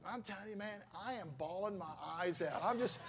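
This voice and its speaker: A middle-aged pastor preaches with a notably high-pitched voice. He talks to the congregation in a loose, conversational way, telling stories with emotional exclamations. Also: normal speed, a bit bright, slight background noise. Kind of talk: sermon.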